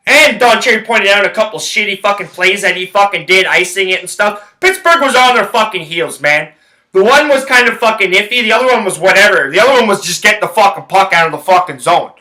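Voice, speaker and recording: A man with a high, sharply bright voice, ranting about sports in a heated, rambling way. Curses fly through nearly every sentence as he vents and then moves on to his picks. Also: rough recording. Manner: heated, swears constantly, rambling. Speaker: sports handicapping vlogger. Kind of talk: profane ranting commentary.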